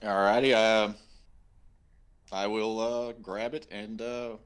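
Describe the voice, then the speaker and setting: A man's voice: fairly low pitch, little pitch movement, slow pace, smooth. A man playing a tabletop game, a little hesitant. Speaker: player.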